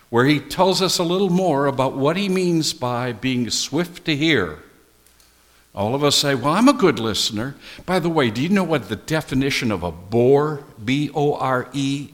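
Slow, lively-voiced preacher in a reverberant hall. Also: male voice. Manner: slow, deliberate preaching with animated pitch. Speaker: pastor. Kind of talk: sermon. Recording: long reverb of a large hall.

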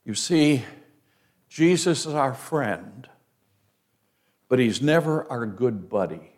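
A man preaching a sermon in an unhurried, deliberate way. His pitch rises and falls in lively swings as he acts out the voices in his story. He moves from loud cries down to near-whispers.

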